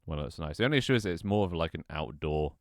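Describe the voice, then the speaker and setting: A man's voice: rumbling low, expressive, quick pace, no echo, clean studio sound. A man thinking aloud on a livestream as he builds a game level, muttering to himself, swearing often, joking with his chat, and his voice cracks now and then. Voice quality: voice cracks at times.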